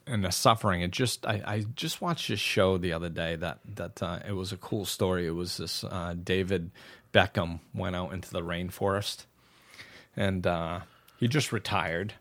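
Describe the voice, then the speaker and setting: Low-voiced guy rambling through a story, gravelly, keeps restarting his sentences. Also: fairly bright tone. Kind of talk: casual reflective chat.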